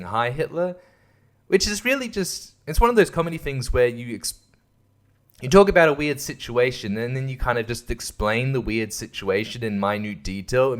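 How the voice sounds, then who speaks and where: Sarcastic, profane male podcast host. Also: mid-range voice. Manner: profane, sarcastic, laughs at his own jokes. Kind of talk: casual ranting podcast review.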